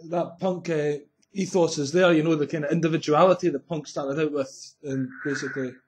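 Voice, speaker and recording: A man's voice: a little high, fairly even intonation, fairly quick, a crowd in the background. A man interviewing a comedian, giving short agreeing replies and hesitant restarts. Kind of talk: casual interview chat. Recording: tinny phone-like sound.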